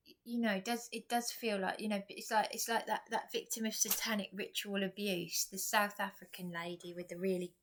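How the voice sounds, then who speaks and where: A woman's voice: mid-range voice, little pitch movement, brisk, a bit bright. An exhausted woman vlogger talking in a rambling personal monologue, repeating herself, restarting and dropping to whispers.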